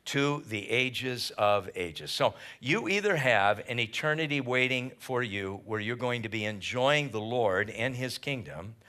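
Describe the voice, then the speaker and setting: A pastor preaching a midweek Bible study sermon at church, emphatic and animated, mixing scripture with casual slang. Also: male voice, mid-range voice, measured pace, hardly any pauses.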